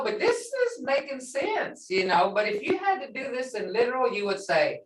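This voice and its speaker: An older woman teaching a language class in a relaxed, chatty way, repeating phrases slowly and laughing often. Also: on the high side, slight background noise. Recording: echoey room, mic set far off.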